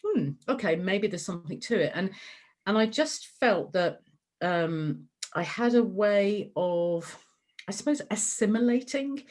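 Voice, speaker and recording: A woman's voice: mid-range voice, expressive, measured pace, darkish tone. A middle-aged woman talking in an interview as the guest, chatty and full of fillers and restarts. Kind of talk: conversational interview.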